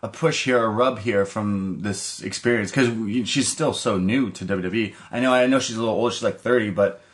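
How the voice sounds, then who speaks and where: A man co-hosts a podcast, recapping the week's wrestling in a loose, rambling way that is full of restarts and filler. His voice sits a little low. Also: fairly quick. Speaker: podcast co-host. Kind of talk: casual wrestling recap chat.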